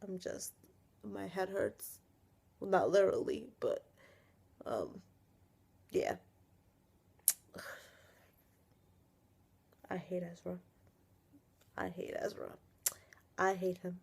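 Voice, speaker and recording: A woman's voice: on the low side, very animated, takes it slowly, vocal fry, pauses often, a little mellow, slightly rough. A young woman ranting on a casual vlog, angry and exasperated, sighing often and swearing as she talks. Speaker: vlogger reviewing a TV episode. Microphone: webcam or built-in camera mic.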